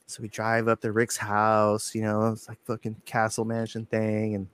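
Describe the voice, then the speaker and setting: A man telling a profane, animated story as a guest on an interview show, acting out quotes. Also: on the low side, moderate pace, slight background noise. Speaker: guitarist guest.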